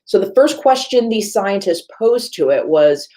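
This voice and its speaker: A woman reference librarian speaks at a panel in a lively, storytelling way. She acts out the lines of the people in her anecdotes and corrects herself with quick asides as she goes. Her voice sits at an ordinary pitch. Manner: chatty, self-correcting asides. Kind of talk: panel talk presentation.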